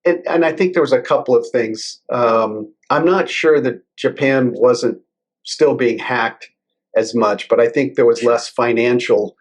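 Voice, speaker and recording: A man being interviewed as a guest, explaining in a measured, conversational way. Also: medium pitch. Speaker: guest, cybersecurity lawyer.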